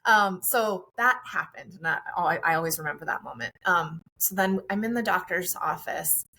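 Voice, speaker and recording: A woman's voice: fairly low pitch, normal speed, gravelly, bright, forceful tone, rough recording. A woman guest on a podcast, a friendly and chatty mother telling her own story in conversation.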